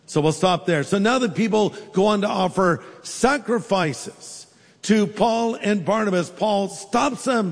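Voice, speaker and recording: Man, pastor, sermon, high voice, conversational and joking, long reverb. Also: animated, a little slow. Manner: conversational, humorous storytelling.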